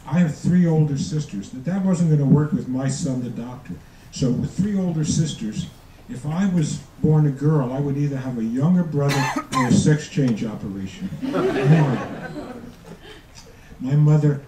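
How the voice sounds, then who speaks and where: A man in his seventies performing a stand-up comedy routine with dry, self-deprecating jokes and a halting delivery full of restarts, to a live audience. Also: mid-range voice, dark tone. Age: 70s. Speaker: student comedian. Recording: echoey room from far off, noisy. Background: audience laughter and room noise.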